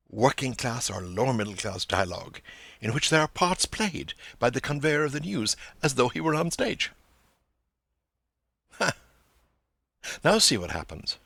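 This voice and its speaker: A man lectures on a novel with eager enthusiasm, reading passages and acting out the quoted lines. His voice sits low but swoops widely, with a gravelly, husky edge. The sound is close and dry. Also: animated, measured pace, long pauses, a bit bright, dry recording. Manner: enthusiastic, acts out quoted dialogue. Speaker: podcast host and literary lecturer.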